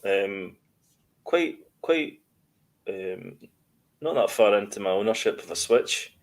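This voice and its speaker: A man's voice: lowish voice, lively intonation, takes it slowly. A man co-hosting a podcast, chatting casually and rambling with restarts. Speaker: podcast co-host. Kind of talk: casual chat.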